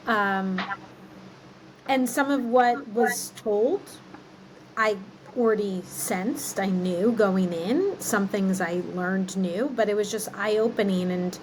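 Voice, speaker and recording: A woman, a marketing executive appearing as a guest, answers interview questions candidly and reflectively, using lots of "like" and "um." Her voice is medium-pitched and slow, and the low-quality recording has a little hiss or hum.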